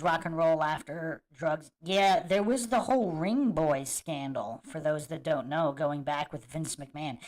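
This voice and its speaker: A man hosting a livestream, chatting casually to viewers and reacting to clips with a musing, emphatic manner that repeats points. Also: on the high side. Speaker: host of a livestream commentary show.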